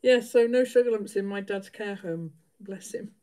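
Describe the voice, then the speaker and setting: A middle-aged woman livestreams while she sews, chatting casually with viewers and laughing often. Her voice is mid-range and mellow, at a normal speed.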